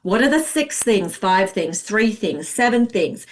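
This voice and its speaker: Chatty expressive woman sales coach. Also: mid-range voice, a little slow. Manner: expressive, chatty, acts out client voices. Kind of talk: webinar masterclass teaching.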